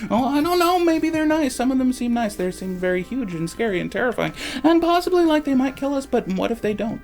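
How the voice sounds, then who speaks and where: Squeaky scheming kobold gang squabbling, a guy putting it on, faint music under it. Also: big pitch swings, a little fast, darkish tone, exaggerated voice. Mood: nervous. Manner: squabbling, panicky.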